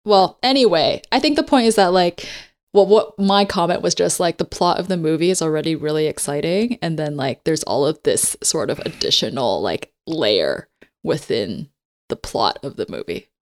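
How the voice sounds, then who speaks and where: A woman with a fairly low voice whose pitch rises and falls a lot chats casually as a podcast co-host. She jumps in with quick remarks and questions. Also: expressive. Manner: chatty, chiming in with quick comments. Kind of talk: casual chat.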